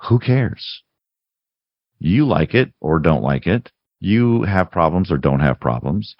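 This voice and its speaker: Man, deep voice, gravelly, animated pitch, rambling podcast chat, dull dry recording. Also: takes it slowly, no room sound. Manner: rambling, restarts often. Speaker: podcast co-host. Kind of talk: casual film discussion.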